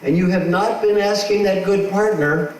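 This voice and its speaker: A man giving a motivational talk as a leadership coach. He is animated, acts out quotes and asks the crowd rhetorical questions. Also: high-pitched, moderate pace. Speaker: leadership coach speaking to an audience. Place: large hall with a live audience. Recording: echoey hall, far from the mic, noisy.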